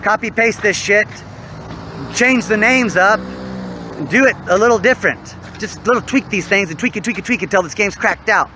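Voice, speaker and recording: A man's voice: sits high, moderate pace, sharp tone, low-quality recording. A young man in a rambling, preachy, profane monologue, recorded outdoors near traffic. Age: young adult. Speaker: online game player.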